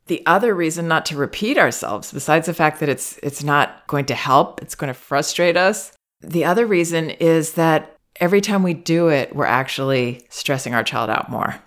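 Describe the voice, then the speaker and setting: Low-voiced woman giving calm parenting advice. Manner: gentle, measured, acts out child and parent quotes. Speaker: parenting advisor.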